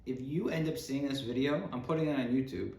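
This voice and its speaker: A man's voice: mid-range voice, brisk, gravelly, darkish tone. A man hosting a casual comedic talk show, rambling and sarcastic, often breaking off mid-thought. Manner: rambling, sarcastic, self-interrupting. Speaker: podcast host. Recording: roomy with faint background noise.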